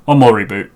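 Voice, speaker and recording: A man's voice: mid-range voice, darkish tone. A man streaming a game live, chatting and muttering to himself on a headset mic while he sorts out a server.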